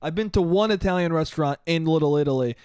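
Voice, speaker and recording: A man in his late twenties holds forth alone on his comedy podcast, cursing freely and telling animated stories. His voice sits a bit high for a man. The sound is dry and close, with no room around it. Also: quick pace, clear, resonant tone, no echo. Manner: profane, animated storytelling with put-on voices. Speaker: podcast host. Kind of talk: solo comedic podcast monologue.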